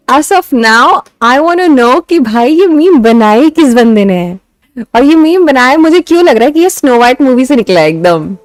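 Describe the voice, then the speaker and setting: A woman's voice: sits high, dry recording. A young woman with an Indian accent, chatting casually on a live stream, giggling often and reacting to memes and chat. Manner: giggly, animated, switching between English and Hindi. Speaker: VTuber streamer. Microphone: desk mic set back from her.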